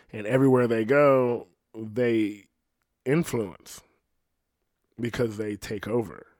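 A man's voice: lowish voice, darkish tone, dry recording, clean studio sound. An American man talking in a rambling, profane, casual way, often laughing. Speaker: podcast host. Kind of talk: casual chat.

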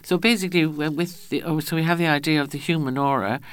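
A woman's voice: low voice, steady tone, quick pace, smooth, dry recording. A woman, speaking as a guest in a radio interview. She talks in a chatty way, often restarts her sentences and acts out the voices she quotes.

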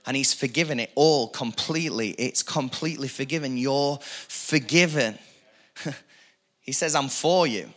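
Bright-voiced energetic male preacher. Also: medium pitch, a little slow. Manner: energetic, repetitive preaching with rising emphasis and asides. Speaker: pastor. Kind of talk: sermon.

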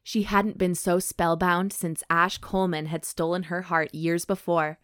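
A woman's voice: on the low side, flat delivery, a little slow, fairly bright tone, smooth, no echo, studio quality. A young woman co-hosting a casual podcast, joking and laughing as she reads a romance blurb and retells the plot. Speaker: podcast co-host. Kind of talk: casual chat, reading a book blurb aloud.

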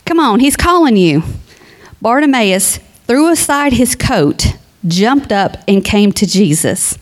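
A woman's voice: on the high side, very animated, slow. A woman speaking at a funeral, giving a heartfelt, conversational eulogy that moves into a sermon and turns to the family directly. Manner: reads scripture aloud.

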